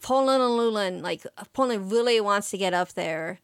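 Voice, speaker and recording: Woman podcast co-host, casual anime recap, smooth voice, dry close sound, emotional and filler-heavy. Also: medium pitch, lively intonation, normal speed, no room sound. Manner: chatty and emotional, with many fillers and quoted lines. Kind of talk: casual chat.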